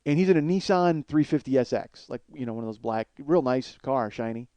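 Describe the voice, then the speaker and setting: A man in his forties, a comedian host, telling a long story in a blunt, profane, animated way. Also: medium pitch, brisk, no room sound. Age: 40s.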